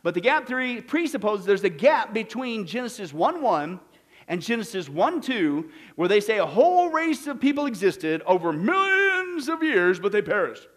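Male preacher, high voice, emphatic Bible teaching with questions to the crowd. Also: very animated, normal speed, fairly bright tone. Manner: emphatic, asks the audience questions. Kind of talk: sermon-style Bible teaching.

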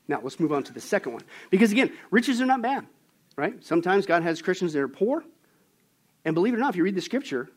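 A man preaching a sermon, emphatic and animated as he tells stories. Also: on the high side, husky. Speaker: pastor.

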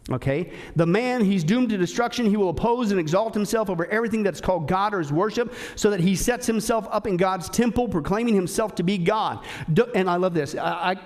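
A man preaching a sermon, emphatic, firing rhetorical questions at the congregation and swinging between loud, sharp lines and hushed, low ones. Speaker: pastor.

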